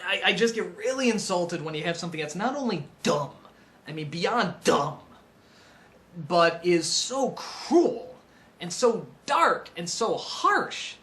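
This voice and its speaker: A man reviewing films in an impassioned unscripted rant. He is excitable, stammers and restarts, and swings between shouted outbursts and low mutters. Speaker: film reviewer.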